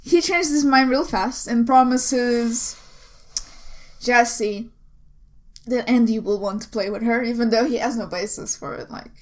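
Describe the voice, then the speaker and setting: A woman's voice: fairly high pitch, unhurried. A woman co-hosting a podcast, retelling a film's plot in casual chat full of sarcastic, dry put-downs. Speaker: podcast co-host. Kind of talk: casual chat about a film.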